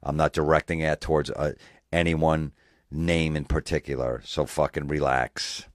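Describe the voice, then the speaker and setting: A man's voice: rumbling low, steady tone, moderate pace, dry recording, studio quality. A man hosting a podcast, ranting in a profane, sarcastic way and mocking people in put-on voices. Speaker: podcast host. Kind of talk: comedic rant.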